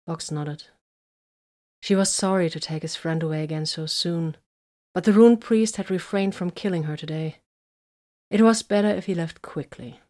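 A woman narrating a science fiction audiobook in an even, measured reading. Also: on the low side.

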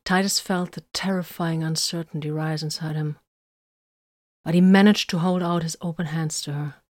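A woman narrating a story in an even, measured way. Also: low-pitched, dry recording, studio quality. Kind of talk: story reading.

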